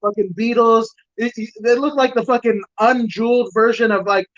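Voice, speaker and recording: A man's voice: very high-pitched, steady tone, fairly quick, fairly bright tone, no echo. A man rambles through casual podcast chat, swearing at every turn and tripping over his own restarts. His voice comes through a lo-fi, muffled stream connection. It sounds dry, with no room behind it. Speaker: guest. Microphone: home mic over streaming software.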